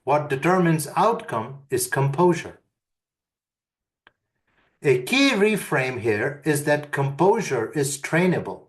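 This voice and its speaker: A man giving a webinar lesson, calmly guiding listeners through breathing and humming exercises. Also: fairly high pitch. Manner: calm, deliberate instruction. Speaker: webinar speaker. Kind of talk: instructional webinar talk.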